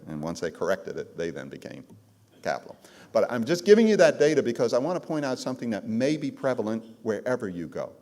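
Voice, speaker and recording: Low-voiced man lecturing a live audience. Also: a little mellow. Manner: emphatic storytelling, calls out to the audience. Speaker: trauma trainer.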